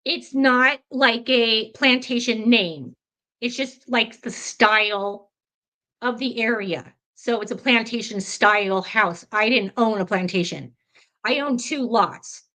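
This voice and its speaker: A woman guest telling a ghost story in an interview, animated and chatty, with many fillers. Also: fairly high pitch, slow pace.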